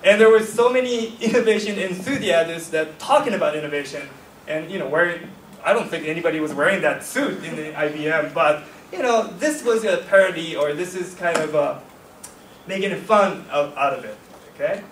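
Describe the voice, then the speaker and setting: A man's voice: a little high, moderate pace, slight background noise. A man giving a workshop lecture casually, often checking in with "okay?" and "right?". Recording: echoey hall, voice from far off.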